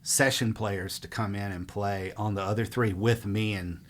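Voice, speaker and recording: A middle-aged musician, talking in a loose, rambling interview style. His voice sits a little low, and he leans on fillers as he wanders through his stories. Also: moderate pace. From Mississippi. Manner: relaxed, rambling, frequent fillers. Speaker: musician guest. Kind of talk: casual interview storytelling.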